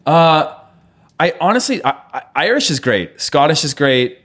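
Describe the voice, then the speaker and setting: A man's voice: a little high, big pitch swings, moderate pace, fairly bright tone. A man co-hosting a podcast in casual chat, rambling and playful with lots of hesitations. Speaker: podcast co-host.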